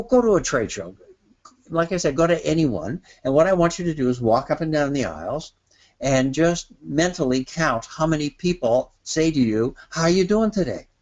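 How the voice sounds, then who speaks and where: A man presents a webinar in a lively, talkative manner, with his pitch swinging widely up and down as he makes his points. He sits at a middle pitch for a man and now and then mimics other people in a higher voice. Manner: animated, acts out quoted trade-show exchanges in a higher voice. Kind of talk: lively instructional talk. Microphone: webinar microphone.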